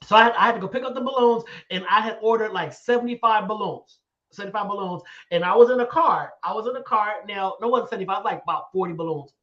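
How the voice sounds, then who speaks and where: A man hosting a live talk show, telling stories with excitement and quick laughs. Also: high-pitched, highs cut off. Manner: excitable storyteller, laughs often, dramatic about fears. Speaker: show host. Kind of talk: animated live-stream chat.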